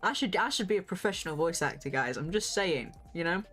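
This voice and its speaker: Young woman gaming stream, excitable chatty vibe, bit sweary, quiet music behind. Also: fairly low pitch, fairly quick. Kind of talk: casual gaming livestream chat.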